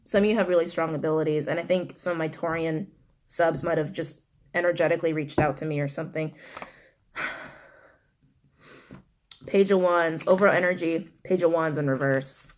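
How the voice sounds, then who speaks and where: Young woman, tarot reader, fairly low pitch, animated, blunt, casual monologue. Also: normal speed, long pauses. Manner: animated, swearing, talks straight to viewers.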